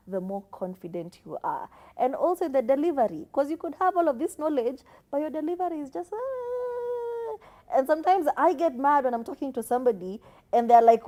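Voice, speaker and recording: An emphatic woman from Kenya co-hosts a casual chat, speaking a touch high. She gives firm opinions and now and then mimics the voices of other people. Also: warm tone. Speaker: podcast co-host.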